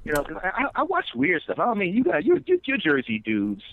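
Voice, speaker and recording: A man guesting on a comedy podcast who tells excitable stories, trips over restarts, and slips into voices. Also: sits high, a little fast, phone-quality sound. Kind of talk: animated storytelling on a comedy podcast.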